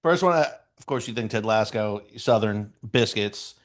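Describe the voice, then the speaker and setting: A man's voice: fairly low pitch, lively intonation, normal speed. Laid-back swearing male co-host. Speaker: podcast co-host. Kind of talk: casual podcast chat.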